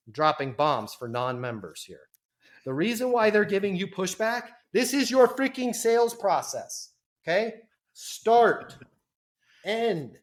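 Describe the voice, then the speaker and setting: A fired-up man teaching sales on a podcast, hitting his points hard and swearing casually as he goes. His voice sits somewhat high for a man, and he stays loose and conversational even while he lectures. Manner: emphatic, punchy, casual swearing. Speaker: sales coach guest.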